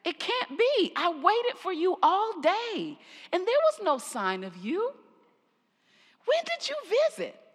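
Woman voicing a parable woman, astonished, high-pitched, pleading, long hall reverb. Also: wildly swooping pitch, takes it slowly, full character voice.

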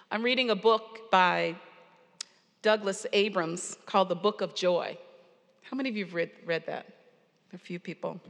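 A woman preacher giving a sermon, earnest and storytelling with pauses, in a church sanctuary. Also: mid-range voice, a bit bright. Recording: long hall reverb.

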